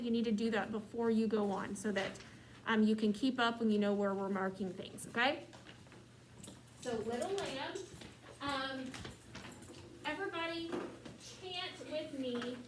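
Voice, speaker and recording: A woman teaching a choir class, explaining markings and chanting the lyrics slowly for students to repeat. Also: a little high. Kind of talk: classroom music lesson. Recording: echoey classroom from far off, noisy.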